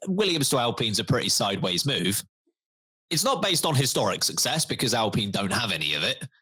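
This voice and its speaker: Animated man, bright husky voice. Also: mid-range voice, fairly quick. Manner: animated, laughs, puts on quoted voices. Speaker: podcast co-host. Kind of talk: casual chat.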